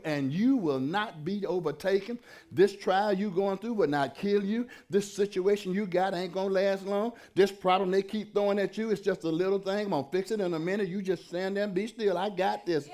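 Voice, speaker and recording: A pastor preaching with a high, ringing voice that climbs into fervent shouts and drops back into easy, folksy asides. This man keeps a call-and-response rhythm going as he preaches. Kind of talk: preaching a sermon.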